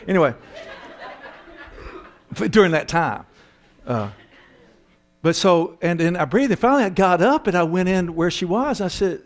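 An older man with a high voice, telling stories with humor and poking fun at himself. His voice rises and falls in a very lively way as he acts out scenes. He speaks as a counselor. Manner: animated, self-mocking, acts out voices. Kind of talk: humorous storytelling talk.

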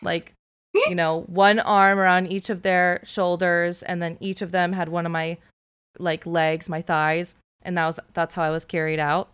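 A woman's voice: fairly low pitch, normal speed, clean tone. A woman co-hosting a podcast, telling a story in casual chat and leaning heavily on "like" as she goes. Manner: animated storyteller, filler-heavy "like". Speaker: podcast co-host.

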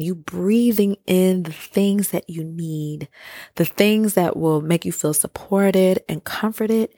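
A woman host speaks in a relaxed, conversational way, often tossing in "right?" and "you know." Her voice sits on the low side. The sound is dry and close, with no room around it. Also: no room sound. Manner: soothing, encouraging, slows down for breathing guidance. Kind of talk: casual spoken advice.

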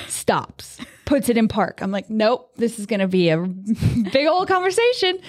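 A woman's voice: medium pitch, moderate pace. A young adult woman co-hosting a podcast, chatting casually and acting out the people in her stories with laughter. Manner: animated storyteller, acts out quotes with laughs. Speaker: podcast co-host. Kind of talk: casual chat, storytelling.

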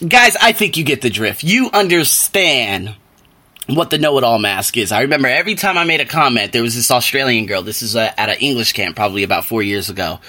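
A man hosting a solo podcast book review, telling stories in an animated way that climbs into exasperated rants. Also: mid-range voice, fairly quick. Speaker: podcast host.

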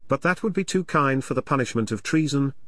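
A stern, stubborn chieftain, as a narrator puts him on, speaking coldly and bitterly in an audiobook. His lively voice stays close and dry. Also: brisk, no room sound. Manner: bitter, cold, low. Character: stern, stubborn older male chieftain and father.

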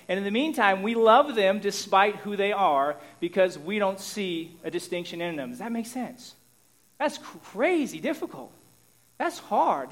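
A man preaching a sermon in a conversational way, often checking in with his listeners and moving between loud emphasis and quiet asides. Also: high voice. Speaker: pastor.

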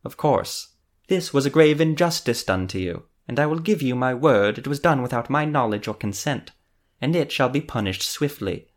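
A man's voice: mid-range voice, expressive, moderate pace, close to an everyday voice. A man voicing a stern, self-serious young nobleman in an audiobook reading. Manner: stern, clipped.

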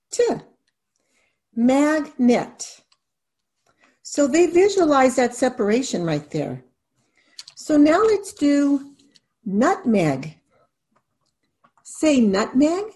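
Slow, patient woman teaching spelling. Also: on the high side, dark tone. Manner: patient, step-by-step, spells words out letter by letter. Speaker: reading teacher. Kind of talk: instructional video lesson.

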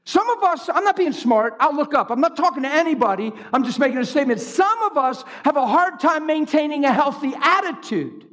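A man preaching a sermon in an animated way, swinging from high shouts down to low storytelling. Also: brisk, hardly any pauses. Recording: long hall reverb.

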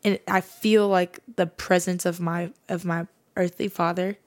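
Unhurried and level in tone, this podcast host has a lowish voice as she tells the story of her faith. She's casual and sincere, and "like" fills much of what she says.

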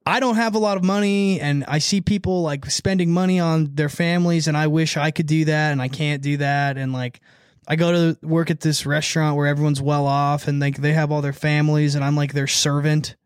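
A man's voice: a little high, fairly even intonation, a little fast, clean tone, no echo, studio quality. A man in his late twenties hosting a casual podcast chat, rambling and swearing while joking around. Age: 20s. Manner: rambling, profane, jokey. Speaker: podcast host.

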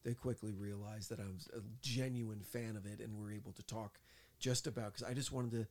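Middle-aged man from New Jersey, podcast co-host, low-pitched, lively raconteur who acts out the voices. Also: a little fast. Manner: animated storyteller acting out quotes. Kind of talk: casual chat, storytelling.

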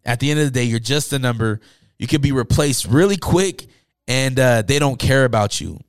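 A man's voice: medium pitch, moderate pace, no room sound, studio quality. A man hosting a podcast and chatting in a loose, motivational way, with many fillers and restarts. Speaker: podcast host and DJ. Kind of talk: casual podcast monologue.

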